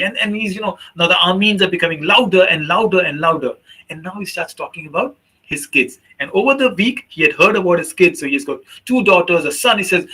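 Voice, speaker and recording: A man's voice: sits high, brisk, slightly rough, rough recording. A man giving a teachers' workshop talk as a trainer, telling a long story and acting out the voices of the people in it. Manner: animated storyteller, acts out quoted voices.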